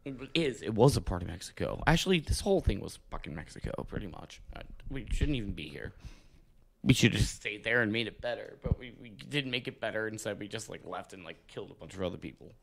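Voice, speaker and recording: A man's voice: fairly low pitch, fast, vocal fry. A man hosting a podcast, telling crude stories in a rambling, profane, casual way. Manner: rambling, profane, animated storytelling. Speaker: podcast host.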